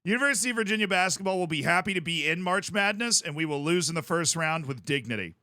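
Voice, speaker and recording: A man's voice: fairly high pitch, lively intonation, fast, sharp tone, no echo, clean studio sound. A man, chatting casually on a livestream, rambling and restarting his sentences. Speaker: streamer.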